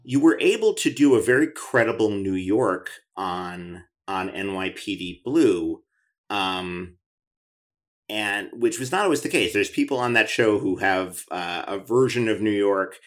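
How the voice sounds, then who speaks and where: A man's voice: lowish voice, lively intonation, measured pace. A man hosting an interview show, talking in a chatty, enthusiastic way with frequent restarts. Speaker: podcast host. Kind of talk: conversational interview.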